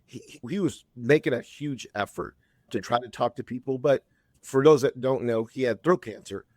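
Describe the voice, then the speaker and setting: A man in his fifties speaking as a podcast guest at an everyday middle pitch, chatty and rambling as he tells a story, doubling back on his words. The sound is close and dry, with no room around it. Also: moderate pace, a little mellow, no echo. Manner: chatty, rambling, frequent restarts. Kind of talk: casual storytelling.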